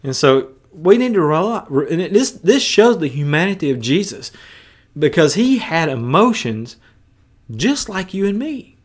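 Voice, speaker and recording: Guy preaching, kinda high voice, punchy and chatty, throws in slang. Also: big pitch swings, measured pace. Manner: emphatic and conversational, with colloquial asides. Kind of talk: sermon.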